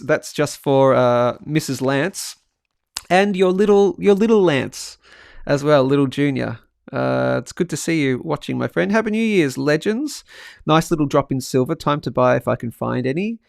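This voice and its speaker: A man hosting a live market stream in a casual, upbeat way, reading out viewers' chat messages with quick asides. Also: on the high side, lively intonation, creaky, no room sound, clean studio sound.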